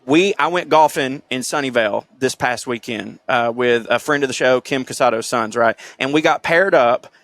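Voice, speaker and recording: A man with a Southern US accent co-hosting a podcast, talking in an animated, profane way as he tells stories. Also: medium pitch, moderate pace, few pauses, dry recording. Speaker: podcast co-host. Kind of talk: casual comedic chat.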